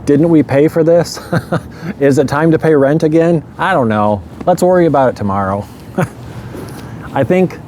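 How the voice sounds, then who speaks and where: A man's voice: medium pitch, darkish tone. Young guy talking about his life, candid, lots of "you know" and little laughs, faint traffic noise outside. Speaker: storyteller sharing his life story. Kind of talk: casual spoken memoir.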